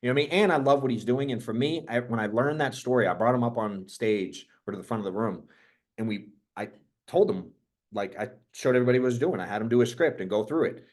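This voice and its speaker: Energetic, profane male business coach. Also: medium pitch, fast talker. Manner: energetic, profane, rambling storyteller. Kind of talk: casual motivational talk to a group.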